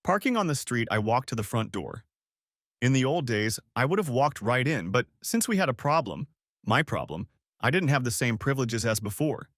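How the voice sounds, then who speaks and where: A man's voice: mid-range voice, sing-song, moderate pace, fairly bright tone, no echo, clean studio sound. A man narrating a first-person story for an audiobook, in a wry storytelling manner.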